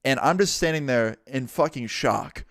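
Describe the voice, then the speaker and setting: A young man relaxes into a casual storytime vlog, his retelling lively and peppered with swearing. His voice sits at an ordinary middle pitch. The recording is close and dry, with no room sound. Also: normal speed, dry recording. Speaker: storytime vlogger.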